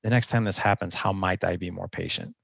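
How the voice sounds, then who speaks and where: A man's voice: deep voice, fairly even intonation, a little fast, vocal fry, a bit bright, husky, no room sound, clean studio sound. A man speaking as a guest coach in a conversational interview, earnest and instructive, often restarting his sentences.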